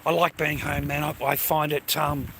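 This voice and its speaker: Australian man, high and sharp-toned, rambling outdoor phone vlog, constant swearing and matey asides, faint ambient hum. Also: level tone, normal speed, vocal fry, rough recording. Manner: loose and rambling, swears constantly, calls listeners mate and bro. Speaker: vlogger. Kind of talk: rambling casual monologue to camera.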